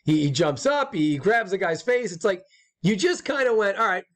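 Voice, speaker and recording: Male co-host with a fairly high voice, loose and profane, rambling with restarts. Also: normal speed. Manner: stumbling repeats when excited. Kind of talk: casual chat.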